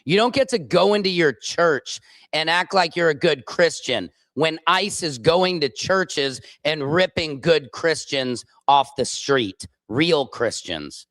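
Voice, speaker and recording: Angry man, comedian host, profane rant, slow deliberate pace, higher voice. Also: expressive, fairly bright tone, no room sound. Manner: furious, profane, repeats phrases. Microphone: streaming microphone.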